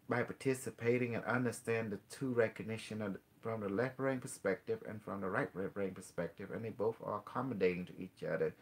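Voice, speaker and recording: A man hosting a call-in show, earnestly explaining ideas in halting, non-native English, with many restarts and rhetorical questions. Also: on the low side. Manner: earnest explaining, mixes in quoted dialogue with a device. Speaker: host.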